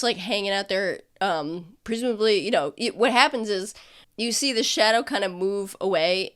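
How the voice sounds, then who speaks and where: A woman's voice: medium pitch, a bit bright, clear, resonant tone. A woman narrating as game master in a casual way, with lots of fillers.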